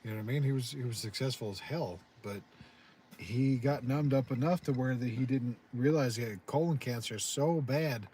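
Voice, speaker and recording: A man chats in a relaxed, profane way, telling stories in a loose, easygoing flow. His pitch is ordinary for a man, with faint background noise under the voice. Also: moderate pace. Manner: laid-back, profane, chatty. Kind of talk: casual chat.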